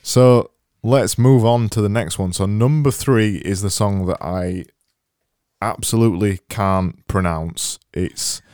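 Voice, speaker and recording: A man's voice: lowish voice, takes it slowly, darkish tone, clear, resonant tone, dry recording, clean studio sound. A man with a Yorkshire accent hosting a casual music review chat, chatty and self-deprecating. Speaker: radio-style show host.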